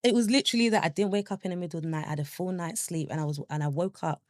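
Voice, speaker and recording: Young woman, low pitch, candid guest who tells her story animatedly. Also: racing, dry recording, studio quality. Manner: animated, acts out her own past thoughts in quoted asides. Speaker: podcast guest.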